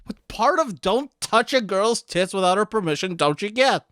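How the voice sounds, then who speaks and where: A man voicing a fed-up teenage girl in a parody anime recap, pitched up and exasperated. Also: expressive, moderate pace, fairly bright tone, dry recording, clean studio sound.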